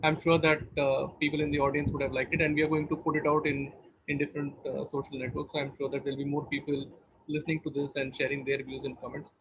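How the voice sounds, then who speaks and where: A man's voice: on the high side, level tone, quick pace, creaky, dull audio, slight background noise. A man moderating a panel, polite and repetitive in thanking the speakers.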